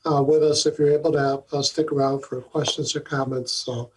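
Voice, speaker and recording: A man chairing a legislative hearing, courteous and hesitant, filling his pauses with ums and uhs. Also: medium pitch, level tone, breathy edge, low-quality recording. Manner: courteous, hesitant, many fillers. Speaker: committee chair.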